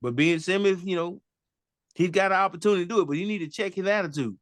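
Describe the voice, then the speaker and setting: A man arguing his pick in a casual sports podcast. He talks animatedly, repeats himself as he builds a point, and laughs at his own jokes. The voice sits a bit high and the sound is dry and close. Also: quick pace, fairly bright tone, no echo. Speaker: podcast co-host.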